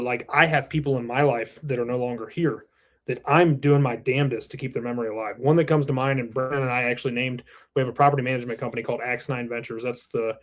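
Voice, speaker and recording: A man in his thirties, a company president, talking earnestly and reflectively in a casual interview, with the odd curse word. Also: mid-range voice. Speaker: roofing company president, podcast guest.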